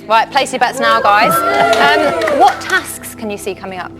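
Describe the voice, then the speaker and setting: An American woman hosts a lively television chat show, cracking jokes as she goes. Her voice sits high and swings widely in pitch. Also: a little slow, loud music behind the voice, a loud crowd. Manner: jokey, playful delivery. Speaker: presenter.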